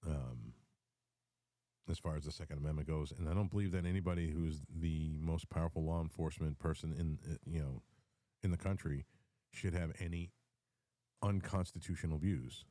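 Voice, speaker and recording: Deep, dark-voiced man ranting on politics. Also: fairly even intonation, moderate pace, dry recording. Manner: rambling, repeats words, frequent ums and restarts. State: has the hiccups. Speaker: host of a live audio space. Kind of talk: political commentary rant.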